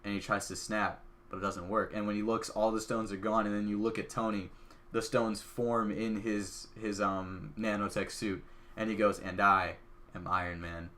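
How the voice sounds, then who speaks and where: A podcast host, a man, talks through a film's plot in an eager, rambling way, with lots of "like" fillers. His voice sits somewhat low. He sounds casual and caught up in the story. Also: moderate pace, a little hiss or hum. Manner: excitable, chatty, lots of "like" fillers. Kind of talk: casual movie recap.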